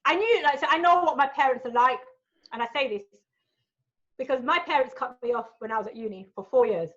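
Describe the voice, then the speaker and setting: A woman tells candid stories as an interview guest. She talks in an animated, frank way and swears freely, in a fairly high voice. The recording sounds a little dull and muffled. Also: brisk. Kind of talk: candid storytelling in a casual interview.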